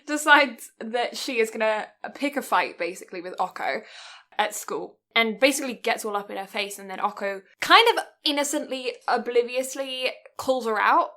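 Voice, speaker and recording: A woman's voice: on the high side, animated, normal speed, bright, forceful tone. A British woman co-hosting an anime podcast, chatting casually, giggly, sweary and rambling. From Britain. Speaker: podcast co-host. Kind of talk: casual chat.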